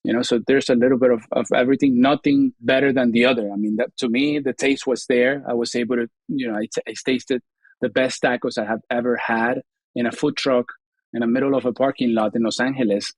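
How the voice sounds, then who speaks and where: A man's voice: medium pitch, fairly even intonation, brisk, no room sound. Guy chatting as a guest chef, earnest, lots of you know, dry close mic. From Venezuela. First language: Spanish. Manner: earnest, repeats words, leans on "you know". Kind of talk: casual interview chat.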